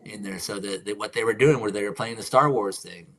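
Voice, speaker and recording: A man hosting a live stream, talking casually and reflectively about faith and life, sometimes slipping into soft whispered affirmations. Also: lowish voice, brisk. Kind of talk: casual spiritual chat.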